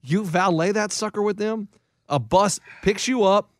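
Guy on a podcast hyping up a deal, slightly high voice, dry mic. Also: a little slow, no echo. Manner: enthusiastic, plugs a sponsor. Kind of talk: casual chat.

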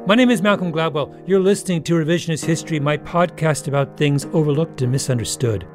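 A man's voice: a little high, quick pace, over music. A man hosting a podcast, delivering scripted storytelling narration in a wry, dramatic way. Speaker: podcast host.

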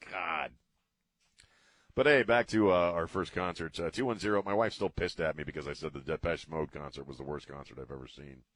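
A man's voice: deep voice, brisk, fairly bright tone, no room sound. A middle-aged man hosting a casual talk radio show from a studio, rambling and joking off the cuff. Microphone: studio mic.

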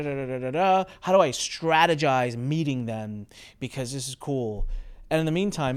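A man hosting a podcast, telling anecdotes in casual conversation and acting out quoted exchanges with sudden jumps in pitch. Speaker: podcast host.

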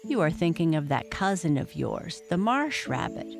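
A woman's voice: sits low, very animated, normal speed, vocal fry, music in the background, full character voice. A woman voicing a wise, kindly old female nature teacher who asks patient questions. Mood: teaching.

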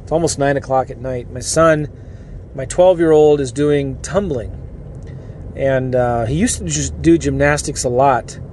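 A middle-aged man hosting a podcast, talking casually and earnestly from a parked car, with energetic restarts and rambling asides. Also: medium pitch, measured pace, a little hiss or hum. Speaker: podcast host and coach. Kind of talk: casual motivational podcast monologue.

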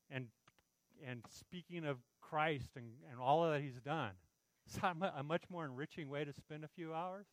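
A man's voice: a little high, no room sound, poor audio. A man preaching a sermon in an earnest, pleading, conversational way, often checking in with his listeners. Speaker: pastor.

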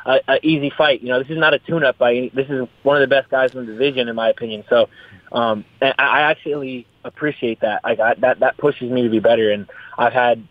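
A man's voice: mid-range voice, steady tone, fast, no room sound. A young man, a fighter, talking in a casual interview, rambling, repeating his words and swearing freely. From US West Coast. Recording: tinny phone-like line.

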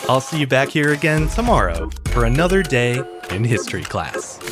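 A man's voice: medium pitch, big pitch swings, moderate pace, loud music behind the voice. A man hosting a history podcast, reading a scripted story in a wry, storytelling way. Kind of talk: scripted narration.

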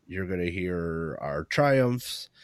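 Low-voiced joking podcast co-host man. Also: animated, takes it slowly, no room sound. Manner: joking, self-mocking. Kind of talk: casual podcast chat.

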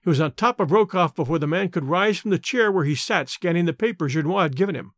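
A man narrating an adventure novel in a steady, measured way. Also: high-pitched, dry recording, studio quality. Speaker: audiobook reader. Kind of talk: scripted narration.

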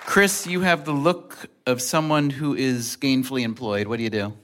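A man's voice: medium pitch, moderate pace, fairly bright tone, a faint crowd. A man hosting a live quiz show, welcoming contestants and teasing them with playful banter. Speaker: game show host. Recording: live audience in the room.

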